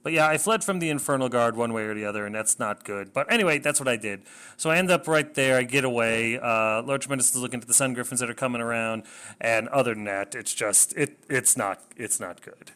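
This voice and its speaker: A man's voice: medium pitch, a little fast, pushed and bright, smooth. A man casually narrating a tabletop wargame battle report, rambling, self-deprecating and swearing when things go wrong.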